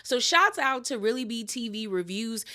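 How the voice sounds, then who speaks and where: A woman's voice: on the high side, lively intonation, moderate pace, sharp tone. A woman recapping a reality TV episode in a sassy, slangy way, with mocking asides. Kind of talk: casual reality show recap.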